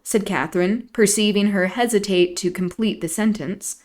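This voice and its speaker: A woman hosting a stream, reading a classic novel aloud in a measured, expressive narration. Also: medium pitch. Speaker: host.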